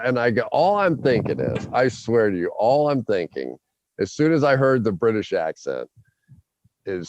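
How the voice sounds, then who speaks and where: A man hosting a podcast, telling a long story in an animated way and acting out his own quotes. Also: medium pitch, a little slow, no echo, dull audio. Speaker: podcast host.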